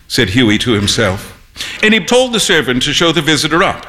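A man narrating an audiobook in a measured, expressive way. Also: fairly high pitch.

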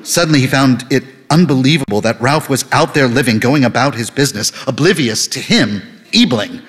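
A man reading an audiobook novel aloud in scripted narration, with a lively, dry delivery. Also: medium pitch, fairly quick, breathy edge, long reverb tail.

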